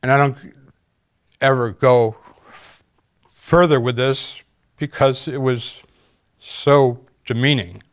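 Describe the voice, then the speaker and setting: A man giving an earnest, halting personal testimony in an interview, pausing often and using fillers. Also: medium pitch, fairly even intonation. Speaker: interview guest.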